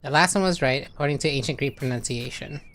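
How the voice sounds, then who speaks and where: A woman's voice: very deep voice, fast talker, a bit bright, a little hiss or hum. A woman co-hosting a gaming podcast, reading out chat questions and bantering playfully. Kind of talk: casual chat.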